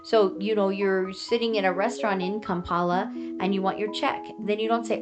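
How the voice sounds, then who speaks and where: A woman's voice: mid-range voice, steady tone, normal speed, over music. An American woman giving casual, earnest advice in a chatty way, often acting out how other people answer her. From United States. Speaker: vlogger giving advice to foreigners.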